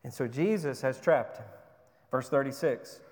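A man's voice: medium pitch, moderate pace, a little mellow. A man preaching a sermon as pastor, emphatic, firing rhetorical questions and repeating words as he drives points home. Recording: long reverb of a large hall.

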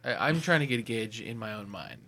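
A man's voice: on the low side, animated, fairly quick, sharp tone. A man chatting as a player at a tabletop game, joking and laughing often. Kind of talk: casual chat at a tabletop game.

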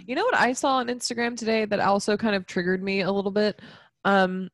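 A woman's voice: medium pitch, steady tone, a little fast, no echo, studio quality. A woman co-hosting a casual chat, tipsy and rambling off on giggly tangents. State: tipsy from tequila. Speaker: podcast co-host.

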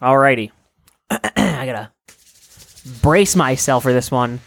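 A man joking crudely and deadpan in casual comedy podcast banter. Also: medium pitch, takes it slowly, vocal fry, long pauses, no room sound, clean studio sound. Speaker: podcast co-host.

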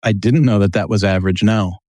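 Low-voiced man telling stories. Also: fairly quick, no room sound, studio quality. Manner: storytelling, animated, acts out quotes. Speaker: podcast guest, business trainer. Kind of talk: casual podcast interview.

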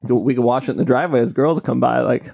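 A man co-hosts a podcast with a gravelly, dark voice. He is goofy and keeps cutting in with jokes. He laughs easily. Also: medium pitch, steady tone, quick pace. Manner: goofy, interrupting, laughs often. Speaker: podcast co-host. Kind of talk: casual comedic chat.

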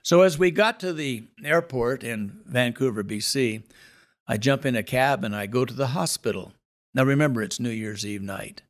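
A middle-aged male pastor telling a personal testimony in an earnest, dramatic storytelling manner. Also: mid-range voice.

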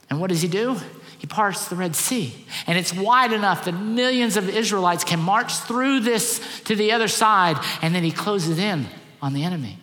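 A man's voice: sits high, normal speed, sharp tone, big-room sound. A man preaching a sermon as pastor, earnest and emphatic, repeating key phrases.

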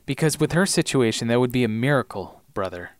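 A man reading the part of a troubled, guarded young male doctor in a plain, flat delivery. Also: mid-range voice, fairly quick, no room sound, studio quality, natural voice. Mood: brooding. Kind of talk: read-through of a TV scene.

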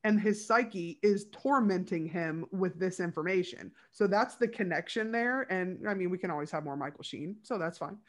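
A woman's voice: lowish voice, moderate pace, hardly any pauses. Chatty enthusiastic woman podcast co-host. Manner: chatty and enthusiastic, many "like" fillers. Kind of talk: casual fan chat reviewing a TV episode.

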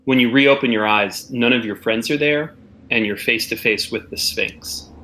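Male game master, bright forceful voice, slow descriptive narration. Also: mid-range voice, a little hiss or hum.

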